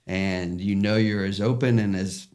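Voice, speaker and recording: A man in his sixties hosting a podcast, talking in a heartfelt, halting casual chat. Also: low voice, fairly even intonation, a little mellow. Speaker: podcast host.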